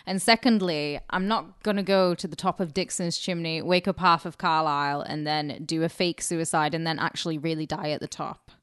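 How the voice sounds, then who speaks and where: A woman, co-hosting a podcast in sweary, animated casual chat. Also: sits low, normal speed, few pauses, smooth, no echo, clean studio sound. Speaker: podcast co-host.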